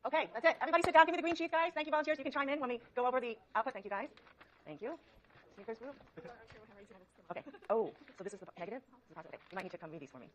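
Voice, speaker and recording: A woman's voice: on the high side, fairly bright tone. A woman psychology lecturer teaching a university class, coaxing students with frequent okays. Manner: brisk, coaxing, many okays. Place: large lecture hall. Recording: dull lo-fi lecture recording.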